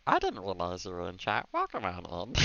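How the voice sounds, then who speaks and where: Low-voiced giggly male streamer. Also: creaky, dry recording. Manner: chatty and giggly, talks to chat and to his pet. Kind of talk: casual live-stream gameplay commentary. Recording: slightly dull stream mic audio.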